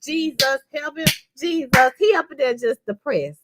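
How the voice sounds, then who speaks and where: A woman hosting a casual live review chat, animated and profane, acting out quotes in character voices. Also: high voice, moderate pace, background noise. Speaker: show reviewer.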